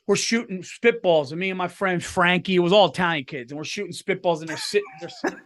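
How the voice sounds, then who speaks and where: A man's voice: high-pitched, fast. Laughing, cursing storyteller man. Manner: swearing storyteller, laughs through his stories. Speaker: podcast co-host. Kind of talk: casual chat.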